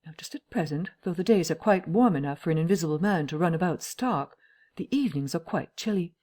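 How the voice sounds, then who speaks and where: An audiobook narrator voicing the invisible scientist, a grown man who speaks in a low, measured, guarded way. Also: animated, darkish tone, close to an everyday voice. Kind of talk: audiobook character voice.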